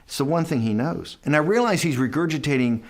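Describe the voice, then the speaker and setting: A man's voice: a little high, expressive, quick pace. A man being interviewed, telling a long anecdote in a rambling way, restarting sentences and quoting others with "I go". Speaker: interview guest. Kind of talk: anecdotal storytelling in a conversation.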